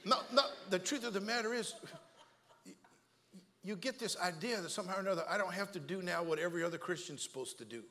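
Sharp-voiced, lively preacher man. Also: high-pitched, fast, in a large hall. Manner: energetic, jokey, repeats words and acts out voices. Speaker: pastor. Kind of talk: comic storytelling sermon. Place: church sanctuary.

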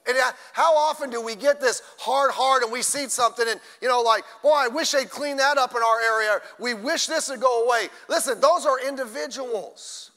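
An older man who is a grandfather, preaching a conversational sermon in church with asides and sudden loud bursts. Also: extremely high pitch, long reverb tail. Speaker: pastor. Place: church sanctuary.

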